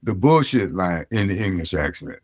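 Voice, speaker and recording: A male podcast host with a very low voice that still swings widely in pitch. He teases and eggs on his guest, quick to laugh. The sound is dry, with no room around it. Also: big pitch swings, dry recording. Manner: playful, teasing, quick to laugh and egg the guest on. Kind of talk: casual chat.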